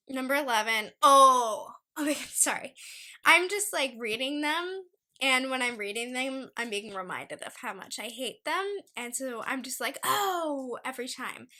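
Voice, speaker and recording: A young woman hosting a casual solo podcast, chatty and animated as she rants about pet peeves. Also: high-pitched. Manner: chatty, animated, talks to her dog in a soft baby voice. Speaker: podcast host.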